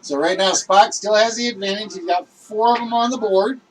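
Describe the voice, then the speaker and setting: A man hosting a livestreamed list game show, talking loudly and excitably and chatting with his viewers. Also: sits high, normal speed, far from the mic, rough recording.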